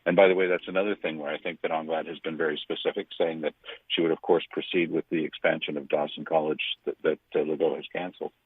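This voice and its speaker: A man's voice: little pitch movement, fast talker, slightly rough, no room sound. Emphatic man on a thin phone line. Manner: emphatic, indignant, swings pitch widely for stress. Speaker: radio commentator. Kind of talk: opinionated radio commentary. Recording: dry, phone-like radio line.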